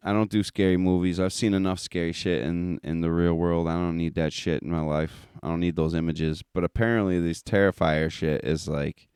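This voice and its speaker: A man with a lowish, smooth and clear voice, recorded close in a dry room. He rants at his listeners in a loose, profane podcast monologue, blunt and scornful. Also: fairly even intonation, moderate pace, hardly any pauses, a little mellow, no room sound. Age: adult with children. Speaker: podcast host.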